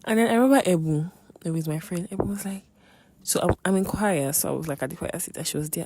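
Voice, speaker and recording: A woman's voice: fairly low pitch, quick pace, warm tone, a little hiss or hum. A young woman in her twenties, hosting a podcast and candidly telling a personal faith testimony with dramatic asides. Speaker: podcast host.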